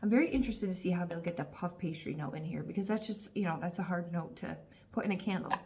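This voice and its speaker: A woman's voice: fairly low pitch, fast, background noise. Gushing woman reviewing candles. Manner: gushing, emotional, talkative with frequent fillers. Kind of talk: casual review vlog.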